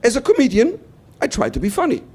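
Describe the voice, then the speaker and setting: A German man from Bavaria with a German accent, doing stand-up comedy as an animated storyteller who acts out other people's lines. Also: very high voice, fast talker.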